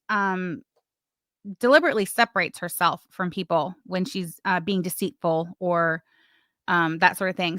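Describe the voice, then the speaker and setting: A woman's voice: medium pitch, fairly bright tone, no echo, clean studio sound. A woman hosting a casual livestream, chatting and reading messages with sarcastic asides. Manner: chatty, sarcastic, talks to chat while doing other things. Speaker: livestream host.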